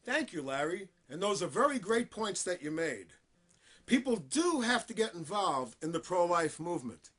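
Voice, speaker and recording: A man's voice: high voice, fairly bright tone, breathy edge. A man in his fifties from the United States, speaking to camera in an earnest, emphatic, repetitive way. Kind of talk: scripted-sounding monologue to camera.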